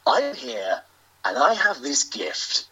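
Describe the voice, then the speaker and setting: A British man, a professional wrestler, delivering a grandiose, self-aggrandizing in-character promo with theatrical pauses. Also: medium pitch, wildly swooping pitch, bright, forceful tone, husky. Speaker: professional wrestler, interview guest. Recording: lo-fi dull audio.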